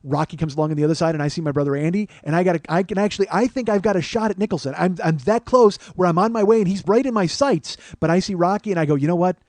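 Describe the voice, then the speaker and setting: A middle-aged man, the host, telling a comic story in an animated, profane way, often getting loud and excited. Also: sits high, very fast, few pauses, dry recording. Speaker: podcast host.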